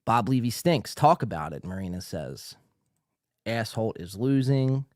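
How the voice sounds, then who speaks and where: A man's voice: on the low side, expressive, moderate pace, dry recording, studio quality. A man hosting a live podcast, talking profanely and loosely while reading out viewer comments. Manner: loud, profane, hyped yelling. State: out of breath. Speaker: podcast host. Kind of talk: live-streamed podcast talk. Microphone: studio mic.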